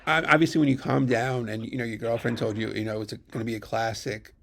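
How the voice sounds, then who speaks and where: Male host, gravelly, halting chat, faint hiss. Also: medium pitch, fairly even intonation, fairly bright tone. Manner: hesitant, filler-heavy. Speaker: podcast host. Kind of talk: casual interview chat.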